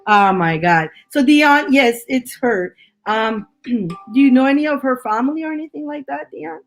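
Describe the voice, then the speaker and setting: A woman's voice: high-pitched, normal speed, soft background music, rough recording. A woman giving a live tarot reading, chatty with her viewers and laughing often, her voice worn from laughing. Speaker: tarot reader.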